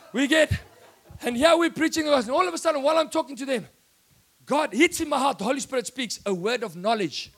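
South African male preacher, high-pitched, fiery and excitable, given to shouting. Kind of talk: sermon.

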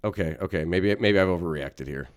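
A man's voice: low voice, brisk, natural voice. A man improvising as a disgruntled moviegoer who is angry about his ticket in a comedy scene. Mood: deflated. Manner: blustering and indignant. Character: disgruntled male fan denied entry.

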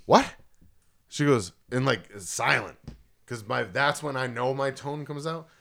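A man's voice: mid-range voice, moderate pace, vocal fry, sharp tone. Profane East Coast man ranting. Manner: heated, profane storytelling. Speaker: podcast co-host. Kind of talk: casual podcast chat.

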